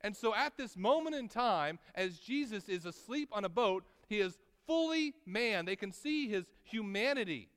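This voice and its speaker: A man preaching a sermon, swinging between loud, emphatic lines and quiet, drawn-out asides. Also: sits high, smooth, big-room sound. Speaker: pastor.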